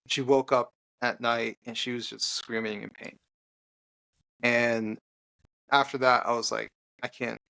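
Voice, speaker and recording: A man, a podcast guest and author, telling an earnest personal story in conversation, halting with restarts and fillers. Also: medium pitch, bright, forceful tone.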